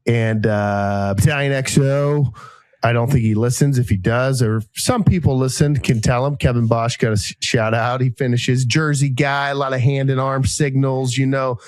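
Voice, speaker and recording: A man's voice: medium pitch, fairly even intonation, normal speed, a little mellow, clear, resonant tone, dry recording. Man from South Carolina telling stories. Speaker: podcast co-host. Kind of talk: casual chat and storytelling.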